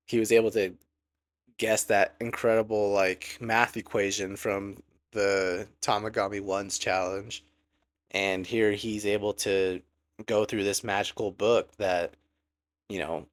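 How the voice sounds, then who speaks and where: A man giving a casual, excited breakdown of an anime episode, recapping scenes and acting out quotes with many fillers. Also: sits low, no echo. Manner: excited recap with lots of likes and quoted voices. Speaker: anime reviewer.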